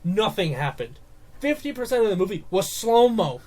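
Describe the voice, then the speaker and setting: A man's voice: high voice, moderate pace. Male podcast co-host, rants and swears about films in loose casual talk. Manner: animated ranting with swearing. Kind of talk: casual movie review chat.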